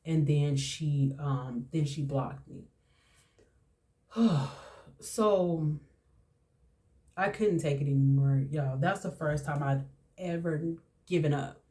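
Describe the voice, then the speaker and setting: Deep-voiced and mellow, a woman of about forty talks slowly with frequent pauses as she hosts her podcast. Her personal story comes out candid and emotional, with plenty of repetition.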